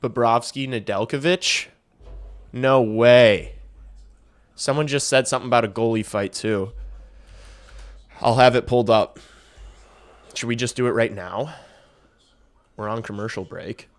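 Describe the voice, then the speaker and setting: A young man hosting a casual livestream, giving play-by-play of a hockey game, swearing and swinging from muttered asides to loud outbursts. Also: mid-range voice, a little slow, long pauses. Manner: excitable, swears, shifts between mumbled asides and loud outbursts. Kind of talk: casual live reaction and play-by-play.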